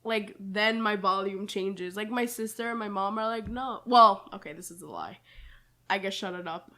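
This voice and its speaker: This is a young woman, in her twenties, co-hosting a relaxed chat podcast. She talks freely and at length, with plenty of fillers and restarts, and laughs easily. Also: mid-range voice, moderate pace. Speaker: podcast co-host. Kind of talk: casual chat.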